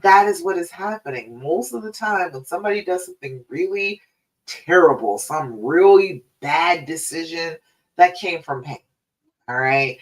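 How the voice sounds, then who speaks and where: A woman hosts a live stream as a relationship coach, speaking in an easygoing, chatty way. She keeps checking in with her listeners with a quick "all right?" Her voice sits a little back from the microphone. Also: on the low side, lively intonation, recorded from a distance, rough recording.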